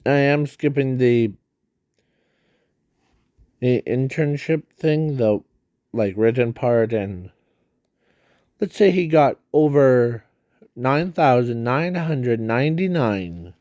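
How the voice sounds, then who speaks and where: A man's voice: medium pitch, mellow, no echo, studio quality. A man explaining his fan idea in a casual, rambling way, full of fillers and restarts, breathing hard. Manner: halting, many fillers and restarts. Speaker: fan video creator.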